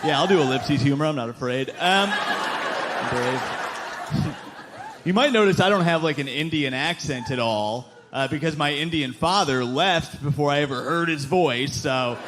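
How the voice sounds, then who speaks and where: A man's voice: on the high side, unhurried, noisy background. A young adult man doing a stand-up set on a comedy club stage, with a wry, sarcastic delivery into a handheld mic. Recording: live broadcast set with crowd laughter.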